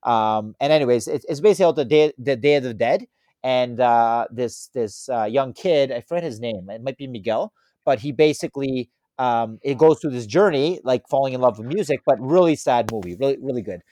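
A man in his thirties co-hosting a casual podcast chat, telling stories in a rambling, animated way. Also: mid-range voice, brisk, dry recording, studio quality. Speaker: podcast co-host.

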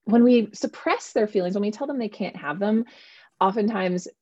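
A woman in her thirties, an author, chatting in an interview with an animated manner and plenty of fillers. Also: medium pitch, normal speed, no room sound. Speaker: author and guest. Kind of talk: casual interview conversation. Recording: dull, lo-fi sound.

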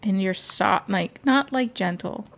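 A woman's voice: mid-range voice, a little slow, vocal fry. A woman co-hosting a casual chat, plainspoken, chiming in with details. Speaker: podcast co-host.

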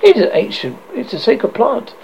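A shaken young student in a read-aloud horror tale, jittery and hard on himself, as a man voices him. His high, creaky voice jumps around. The sound is dull and lo-fi. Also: huge pitch swings, moderate pace, a little mellow, slight background noise, heavily acted. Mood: nervous. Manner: jittery, self-reproaching.

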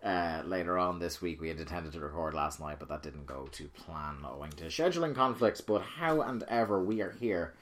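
A man's voice: low voice, fairly quick, few pauses, a bit bright. A man hosting a casual gaming podcast, joking and rambling with frequent restarts. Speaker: podcast host.

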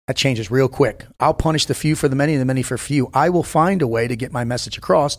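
A man's voice: medium pitch, quick pace, few pauses. A man in his fifties, a former Navy SEAL guest, telling blunt, profane stories in casual podcast chat. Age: 50s. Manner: blunt, profane, storytelling with emphatic bursts.

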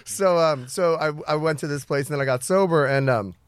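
Guy rambling through a story real fast, higher voice, dry sound. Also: clean tone, dry recording. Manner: loose, rambling, full of "you know" and "like". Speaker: guest. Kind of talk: casual storytelling.

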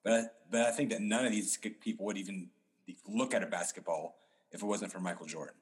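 A man's voice: deep voice, fast talker. A man in casual basketball talk on a podcast, rambling with many restarts and fillers.

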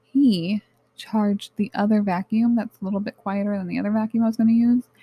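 A young woman hosting her own podcast, speaking in a candid, animated, casual monologue that often turns to swearing. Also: medium pitch, fairly quick, highs cut off. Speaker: podcast host.

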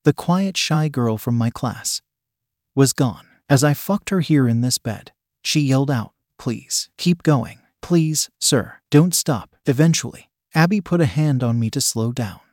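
A man narrating a first-person story in a plain, even reading voice. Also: mid-range voice, moderate pace, dry recording, studio quality.

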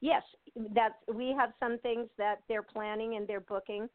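A woman's voice: fairly high pitch, steady tone, moderate pace, no room sound. Older woman, interview guest, chatty, laughs a lot, phone-line sound, dry. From United States. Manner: chatty, laughs often, many fillers and restarts. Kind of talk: casual interview chat.

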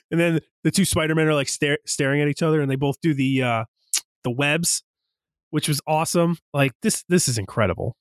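A young man casually recapping a movie on a podcast, animated and acting out quoted lines. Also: fairly high pitch, fairly quick, no echo, studio quality. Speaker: podcast co-host.

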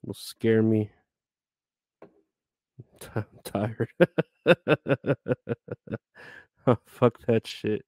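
A man's voice: fairly low pitch, monotone, very slow, pauses often, mellow, dry recording. A man chatting casually with viewers on a live stream, rambling, grumbling and swearing a lot.

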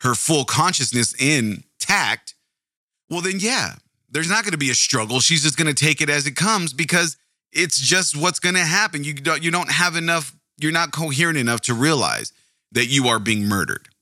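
Brief: a rambling male true-crime podcaster, sharp and forceful, in a dry close recording. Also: on the high side, expressive, moderate pace, no echo. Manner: rambling, self-interrupting, swears casually. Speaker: podcast host.

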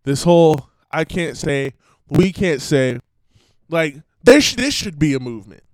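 Profane male streamer with a slightly raised pitch and a dry close sound, rambling and blunt. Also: very animated, a little slow, dry recording, rough recording. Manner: blunt, profane, laughs between rambling asides.

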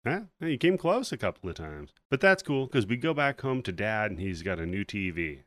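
A man co-hosting a comedy podcast, retelling a movie plot with lots of swearing and acting out the characters in quick bits. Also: fairly low pitch. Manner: animated storytelling, acts out movie characters. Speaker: podcast co-host. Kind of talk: casual comedic movie recap.

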